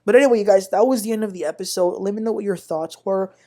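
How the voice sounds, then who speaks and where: A woman hosting a casual reality TV recap, talking in an animated, indignant way and addressing viewers as "y'all.". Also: medium pitch, quick pace. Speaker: TV recap host.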